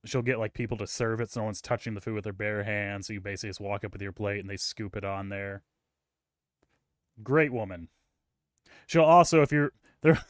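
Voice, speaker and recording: A podcast co-host with a fairly low-pitched voice chats casually, telling rambling, profane stories packed with fillers. The recording is dry and studio quality.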